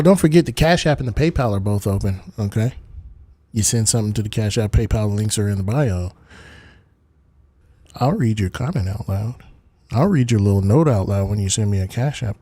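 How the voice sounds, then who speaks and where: A man hosts a call-in livestream in a mellow, slightly husky voice, his pitch swinging widely as he jokes and curses. The sound is close and dry, with no room around it. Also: normal speed, no room sound. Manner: profane, joking, animated. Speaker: livestream host. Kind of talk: casual call-in stream chat.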